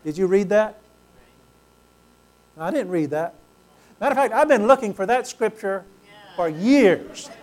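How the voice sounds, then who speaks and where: A man preaching a sermon as pastor, emphatic, building to loud praise and calling for amens from the congregation. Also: high-pitched, lively intonation, measured pace, long pauses.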